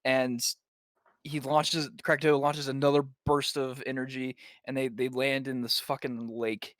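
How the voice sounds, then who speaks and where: Young man excitedly recapping, dry close sound. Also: medium pitch, a little slow, no room sound. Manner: excitable, profane retelling, voices the characters' lines in passing. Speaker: podcast co-host. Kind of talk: casual anime episode recap.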